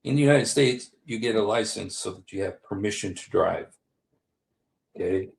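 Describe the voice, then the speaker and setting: A man's voice: lowish voice, moderate pace, creaky, a little mellow. A man in his sixties giving casual livestream commentary, rambling, repeating key phrases and speaking straight to his viewers. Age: 60s. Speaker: live streamer. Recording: roomy echo.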